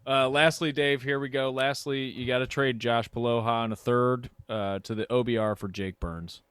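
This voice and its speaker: A man with a smooth, resonant voice co-hosts a sports podcast in a playful, joking tone. The recording is dry and close. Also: mid-range voice, fairly even intonation, moderate pace, fairly bright tone, no echo. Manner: playful, plays along with jokes. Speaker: podcast co-host. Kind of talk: comedic sports podcast banter.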